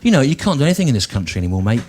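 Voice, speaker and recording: A man's voice: medium pitch, big pitch swings, racing, very noisy, voice pushed up, close to an everyday voice. A man doing a blustering bigoted pub bloke. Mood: ranting. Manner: blustering, ranting. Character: loud bigoted pub bloke, congratulating and ranting.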